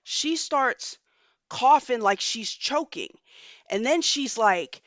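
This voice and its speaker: A young woman hosting a podcast, telling a story in a casual, animated way and cursing freely. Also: on the high side, a little slow, dry recording. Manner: animated, profane storytelling with slang. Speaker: podcast host.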